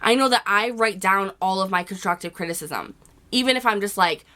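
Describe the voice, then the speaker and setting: Hoarse woman vlogger giving blunt advice. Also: mid-range voice, fairly quick, bright, forceful tone. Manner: blunt, chatty, with frequent "you know" and casual swearing. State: hoarse from a cold. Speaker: YouTube vlogger. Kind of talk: casual advice chat to camera.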